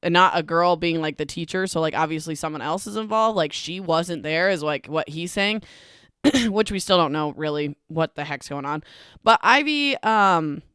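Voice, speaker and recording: A woman's voice: sits low, animated, moderate pace, fairly bright tone, clear, resonant tone, no room sound, clean studio sound. A young woman hosting a book podcast, chatting casually through a chapter recap with lots of fillers and wry asides.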